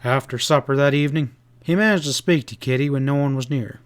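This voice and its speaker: A man's voice: mid-range voice, brisk. Man reading a classic western aloud. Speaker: audiobook narrator. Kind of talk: scripted narration.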